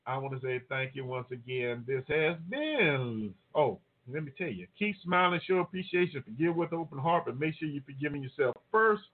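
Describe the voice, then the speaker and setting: A laid-back man hosts a call-in talk show and signs off in a casual, chatty way, laughing easily. His voice sits a little high for a man. It comes through a thin, tinny phone-like line. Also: animated, moderate pace, few pauses.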